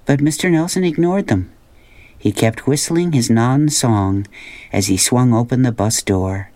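Storybook narrator, man, mid pitch, steady plain read, dry close sound. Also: unhurried, dry recording. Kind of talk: storybook reading aloud.

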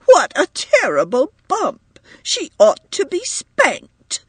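A man voicing a shrill fretful society mother. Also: wildly swooping pitch, takes it slowly, no room sound, exaggerated voice. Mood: indignant. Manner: high, fretful and scolding. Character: shrill anxious society mother, adult woman. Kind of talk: audiobook reading.

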